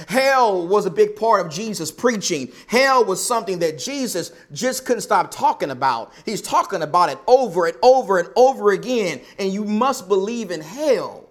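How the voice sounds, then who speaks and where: A male pastor preaching a sermon, emphatic and repeating his key points over and over. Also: sits high.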